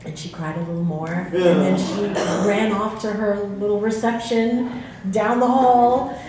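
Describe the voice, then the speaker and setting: A woman guest on a convention panel, telling an anecdote in an animated way and laughing often. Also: medium pitch, measured pace. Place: convention hotel panel room. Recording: echoey room with crowd sounds.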